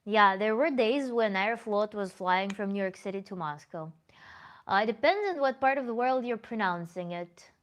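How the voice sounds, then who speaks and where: A woman's voice: mid-range voice, lively intonation, normal speed. A woman tantra coach hosting a livestream Q&A, reading chat comments aloud in a thoughtful, self-correcting way with small laughs.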